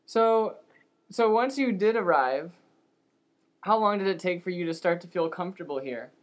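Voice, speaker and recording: Man asking gentle interview questions. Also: sits high, expressive, moderate pace. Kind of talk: casual interview.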